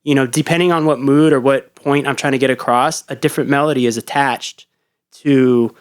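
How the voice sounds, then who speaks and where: A man's voice: medium pitch, steady tone, fairly quick, clean tone. Profane, rambling young man chatting. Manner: loose, profane, rambling with many fillers. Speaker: podcast host. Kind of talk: casual podcast chat.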